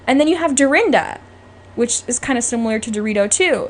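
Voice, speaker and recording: A woman's voice: a little high, expressive, fairly quick. A young woman hosting her own podcast, chatting casually and full of opinions, often tagging "okay?" onto her points. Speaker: podcast host. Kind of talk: casual solo podcast chat.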